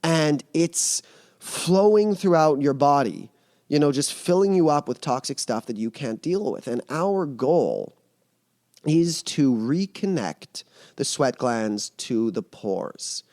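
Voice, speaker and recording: A man's voice: a little high, lively intonation, slow pace, a little mellow, no echo. Earnest man mentor, dry close sound. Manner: earnest, explains with vivid metaphors. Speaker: emotional mastery mentor. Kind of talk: podcast interview.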